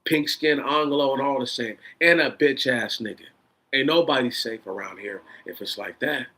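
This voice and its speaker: A man in an unscripted, profane rant, swinging between loud bursts and a held-down, controlled tone. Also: medium pitch, moderate pace. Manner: says he is holding his voice down in a controlled tone. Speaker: vlogger.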